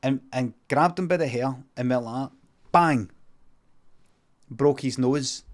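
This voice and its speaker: A man with a Scottish accent improvising a comic story in a deadpan, rambling, sweary way. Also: mid-range voice, slow pace. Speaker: comedian streamer.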